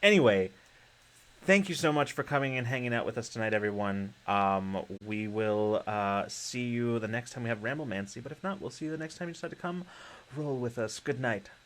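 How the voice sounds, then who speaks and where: A man's voice: mid-range voice, a little fast, fairly bright tone. A man hosting a live-streamed podcast, rambling through announcements with lots of fillers and easy laughter. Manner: rambling with many fillers and restarts; laughs easily. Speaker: podcast host. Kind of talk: casual livestream chat.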